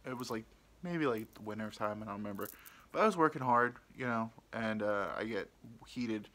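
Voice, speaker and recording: A young podcast host tells a rambling, self-deprecating story in casual chat, mimicking the people he quotes. His voice is on the low side and sharp in tone, at a moderate pace.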